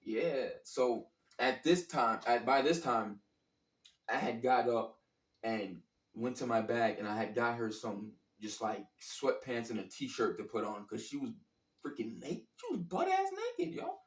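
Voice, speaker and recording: A man's voice: mid-range voice, measured pace. Guy telling a wild story w/ lots of slang and cussing, kinda far from the mic, roomy echo. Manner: profane, slangy, animated retelling that acts out his own past reactions. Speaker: storyteller recounting a college basketball trip. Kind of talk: casual storytelling. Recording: echoey room, distant from the mic.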